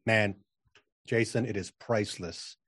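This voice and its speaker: A man's voice: fairly low pitch, fairly even intonation, unhurried, fairly bright tone, breathy edge, dry recording, clean studio sound. A man talking as a guest in a casual interview, self-assured and emphatic, often repeating words as he starts a sentence. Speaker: podcast guest, channeling coach.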